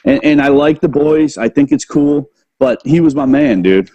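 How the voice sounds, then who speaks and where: A man's voice: on the high side, normal speed, dark tone, highs cut off, slight background noise. A man hosting a casual chat, laid-back and saying "dude" and "man" a lot. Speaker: podcast host.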